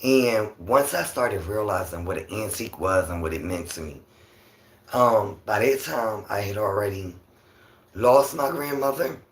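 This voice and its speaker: A man with a raspy voice hosting a casual livestream, talking softly and rambling with many fillers. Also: on the low side, lively intonation, a little slow, roomy sound. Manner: talks softly, near a whisper. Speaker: livestream host.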